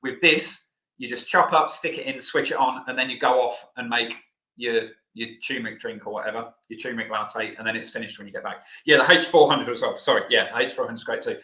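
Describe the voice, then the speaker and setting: A man's voice: mid-range voice, fairly even intonation, a little fast, sharp tone, roomy sound. A man hosting a live online Q&A lesson, chatty and loose, with plenty of fillers. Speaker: health educator host.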